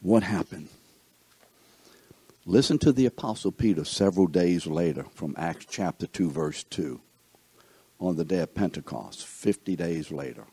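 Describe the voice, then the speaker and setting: Animated, husky Bible teacher. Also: male voice, sits low, a little slow, no room sound. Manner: animated, asks the class questions. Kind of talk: Bible lesson.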